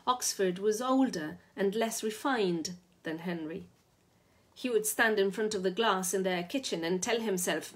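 A woman reading a short story aloud in a steady, measured way. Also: medium pitch. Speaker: reader.

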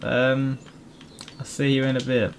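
A man's voice: medium pitch, monotone, measured pace, a little hiss or hum. A man casually commentating a video game as host, cheeky and chatty. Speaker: gaming host. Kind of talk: let's play commentary.

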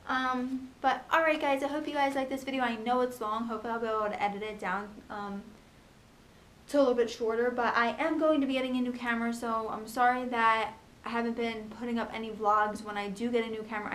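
A young woman in a casual home vlog, talking fast and chattily about her pregnancy, with lots of ums and likes. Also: a little high, steady tone, fairly bright tone, a little hiss or hum. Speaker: pregnancy vlogger. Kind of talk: casual chat.

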